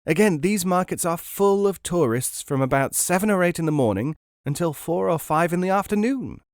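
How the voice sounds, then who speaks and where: A man voices a shrewd, worldly male market dealer who explains things in a breezy, knowing way, pitching his voice above its natural level. The delivery sits high and is expressive at normal speed, in a dry, clean studio recording.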